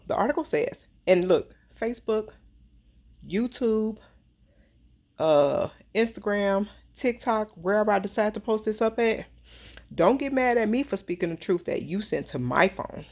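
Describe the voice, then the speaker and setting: A woman's voice: lowish voice, a little mellow. A woman speaking, giving a heated, worked-up commentary monologue to her followers, repeating points for emphasis. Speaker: social media commentator.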